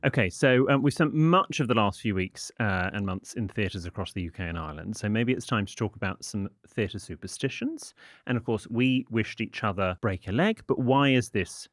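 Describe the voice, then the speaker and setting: Prim man with lively pitch. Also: normal speed, no echo, studio quality. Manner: prim, precise, dryly witty. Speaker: podcast co-host, etiquette expert. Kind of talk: casual podcast chat. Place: studio.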